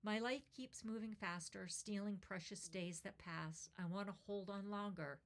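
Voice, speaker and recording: A woman's voice: medium pitch, moderate pace. A woman in her forties, a host, reading a sentimental poem aloud and then talking casually, tender and heartfelt with her voice catching with emotion.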